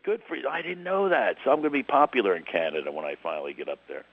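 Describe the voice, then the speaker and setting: A middle-aged man with a Philadelphia accent, a guest comedian telling stories in a casual phone interview, with animated, jumping delivery. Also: mid-range voice, racing, gravelly, no room sound, phone-quality sound. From Philadelphia, USA. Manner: animated storyteller, lively voice jumps.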